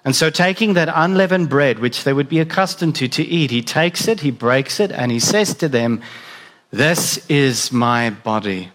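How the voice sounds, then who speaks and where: A man's voice: fairly high pitch, animated, normal speed, hardly any pauses, fairly bright tone. A man preaching a sermon in a conversational way, asking the listeners direct questions. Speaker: pastor.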